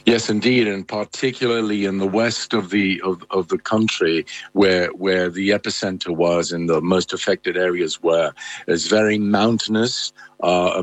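A male correspondent answering live news questions, halting with many fillers and restarts. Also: low-pitched, dry recording, rough recording.

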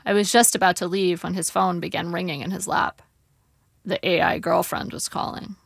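A woman narrating her memoir in a measured, wry storytelling manner. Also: lowish voice, fairly even intonation, vocal fry, husky, dry recording, clean studio sound. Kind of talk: memoir audiobook reading. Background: faint guitar music.

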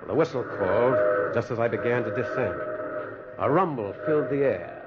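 A dull, lo-fi old radio recording, very noisy, carries a man's medium-pitched, husky voice at a moderate pace. Lightly acted, he is the narrator and lead character, a lonely man haunted by memories telling his own story expressively in 1940s radio fashion.

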